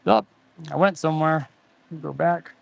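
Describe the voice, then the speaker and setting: A man's voice: fairly high pitch, a little slow, vocal fry. A man in his forties, an auto mechanic hosting a casual livestream, rambling and answering viewer chat as he goes. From United States.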